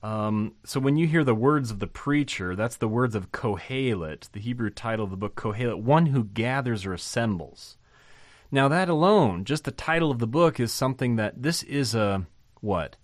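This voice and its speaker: A man's voice: mid-range voice, animated, moderate pace, dry recording, studio quality. A man giving an informal Bible lesson, thinking aloud with fillers and restarts and rising to emphasize key points. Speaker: Bible teacher.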